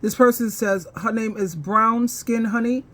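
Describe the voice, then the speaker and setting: A woman's voice: on the high side, a little slow. Woman vlogger, laid-back rambly storytelling, laughs a lot between comments. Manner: laughs often and heartily between lines; animated storytelling, rambling with fillers. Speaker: advice coach and vlogger. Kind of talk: casual commentary reading comments.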